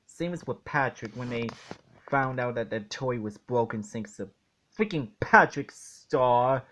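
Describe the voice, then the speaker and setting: A man reviewing a cartoon episode in an indignant rant, halting and restarting as he talks. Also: mid-range voice, expressive, a bit bright. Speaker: video reviewer.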